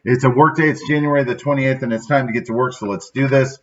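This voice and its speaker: A man's voice: mid-range voice, fairly even intonation, fast talker, recorded from a distance, dull audio. A middle-aged man hosting a daily motivational podcast, speaking in a casual, reflective way and sounding sad and subdued, often tagging his sentences with "right?". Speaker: podcast host.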